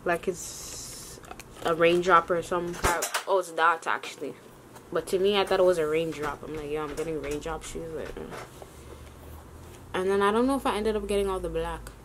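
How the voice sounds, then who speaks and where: A woman's voice: on the low side, steady tone, normal speed, a bit bright, a little hiss or hum. A woman vlogging a sneaker haul, rambling and casual with lots of slang. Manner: chatty, rambling, slangy ("yo", "y'all").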